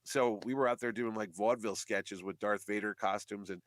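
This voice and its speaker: A man who organizes a comic convention, chatting casually in a radio interview and telling animated stories. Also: fairly low pitch, fairly quick, no room sound. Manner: chatty storyteller, animated quoting of others.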